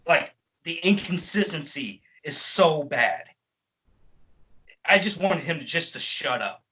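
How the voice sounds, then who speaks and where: A man's voice: on the high side, lively intonation, takes it slowly, bright, forceful tone, poor audio. A man giving a profane, exasperated ranting movie review as a film reviewer.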